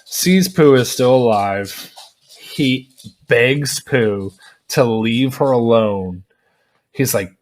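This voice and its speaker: A man's voice: medium pitch, extremely slow. A man giving a casual, rambling movie review full of fillers and asides. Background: dogs at home.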